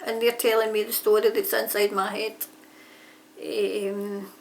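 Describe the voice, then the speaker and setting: A woman's voice: medium pitch, little pitch movement, a little slow, gravelly, slight background noise. A woman chatting casually about her writing, rambling and often correcting herself mid-sentence. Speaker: aspiring author answering a tag. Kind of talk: casual chat. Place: home near a railway line. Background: trains passing.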